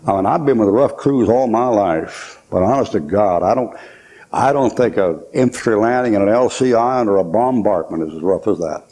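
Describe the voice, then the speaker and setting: An older man, a pastor, preaches a sermon in a folksy storytelling style, drawing on stories from his own life and acting out the voices he quotes. His voice is lowish and mellow, and he speaks at a moderate pace.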